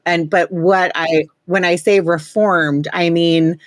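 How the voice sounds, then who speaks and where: A woman's voice: lowish voice, steady tone, slow, dry recording. Chatty, dry-sounding woman host. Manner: chatty, joking and sarcastic. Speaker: podcast host. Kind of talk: casual podcast chat.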